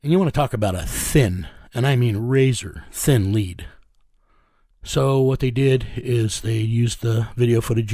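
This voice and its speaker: A middle-aged man being interviewed, telling a rough story in a blunt, profane way and chuckling as he goes. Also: lowish voice, darkish tone, no room sound, studio quality. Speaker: interviewee recounting a rescue case.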